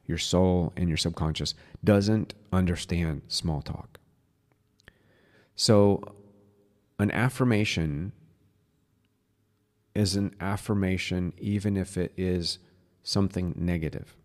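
Casual and earnest, a low-voiced man teaches on a spiritual podcast he hosts, sometimes softening and slowing his voice as a demonstration.

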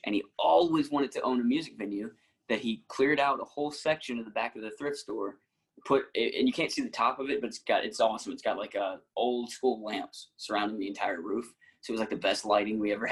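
A man's voice: medium pitch, husky, rough recording. A man, an actor and musician, telling casual stories as a guest and acting out the people he quotes. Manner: animated anecdotes, acting out quotes, frequent laughs. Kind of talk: casual storytelling.

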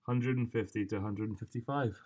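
A man co-hosting a podcast, animated and questioning, often laughing. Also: on the low side, a little fast. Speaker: podcast co-host. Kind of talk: casual podcast chat.

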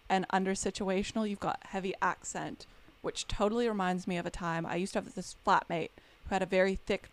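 Female host with a North American accent, chatty and animated, medium pitch. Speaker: podcast host. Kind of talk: casual chat.

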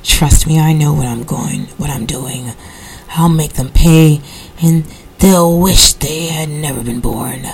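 A cold, vengeful young man speaking low and icy, as a woman reader puts him on. His threats come slow and controlled, with a gravelly edge. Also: a little mellow, exaggerated voice, rough recording. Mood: icy menace.

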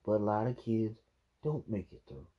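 A man's voice: lowish voice, moderate pace. A man angrily reacting to news clips, swearing and ranting in a dull lo-fi recording. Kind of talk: profane reaction commentary.

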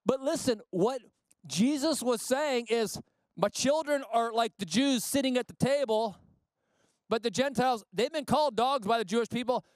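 Guy preaching a sermon, high voice, chatty and animated, dry close sound. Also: moderate pace, dry recording. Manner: conversational, animated preaching with asides. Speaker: pastor.

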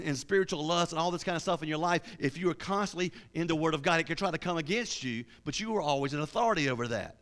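A man's voice: high-pitched, sharp tone. A man preaching a sermon with fervour, often repeating and restarting his words.

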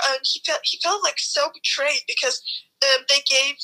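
A woman's voice: sits high, fairly even intonation, moderate pace, bright, forceful tone, rough recording. A young woman chatting casually, ranting animatedly and swearing a lot. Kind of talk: casual chat.

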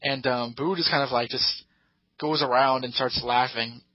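On a dry, muffled podcast-mic recording, a man with a mid-range voice recaps an episode at a moderate pace and with fairly even intonation. The storytelling is casual, rambling and hesitant, sprinkled with put-on voices for the characters.

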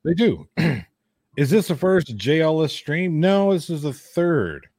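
Man, casual horror podcast host, animated pitch, dry close sound, jokey. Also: unhurried, dry recording. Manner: joking, reads chat names aloud, laughs often. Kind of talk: casual live-stream chat.

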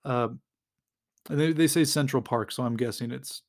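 An American man hosting a podcast, casually recapping a comic storyline with lots of fillers and quick little acted-out quotes. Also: mid-range voice. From United States. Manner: rambling, lots of fillers, acts out quotes lightly. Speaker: podcast host.

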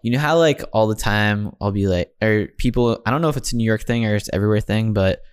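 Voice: mid-range voice, fast, smooth. A podcast host with a mid-range voice chats easily with a guest. The host asks curious, informal follow-up questions. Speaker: interview host. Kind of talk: casual chat.

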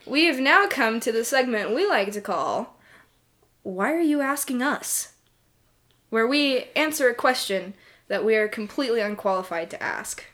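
A woman's voice: on the high side, animated, moderate pace, fairly bright tone. A woman in her twenties co-hosting a podcast, chatting playfully and breaking into giggles. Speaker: podcast co-host. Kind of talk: casual podcast banter.

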